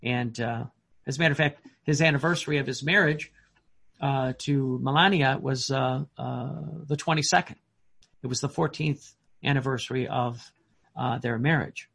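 A man preaching a sermon in an earnest, emphatic way, often pausing on fillers and restarting his words. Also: medium pitch, steady tone, creaky, a bit bright, slightly rough.

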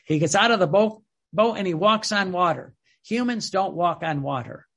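A man's voice: sits high, animated, normal speed, gravelly, fairly bright tone. A man preaching a sermon in a fervent way, repeating words and phrases for emphasis.

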